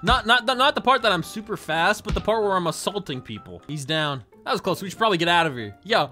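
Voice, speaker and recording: A man's voice: sits high, animated, a little fast, few pauses, bright, forceful tone, soft background music. A man giving joking, sarcastic let's play commentary as a gaming YouTuber.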